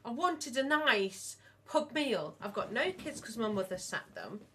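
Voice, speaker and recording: A middle-aged woman, co-hosting a casual podcast and telling long, animated stories. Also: a little high, a little slow, slight background noise. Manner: rambling, animated storyteller. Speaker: podcast co-host, mother of the other host. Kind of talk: casual chat.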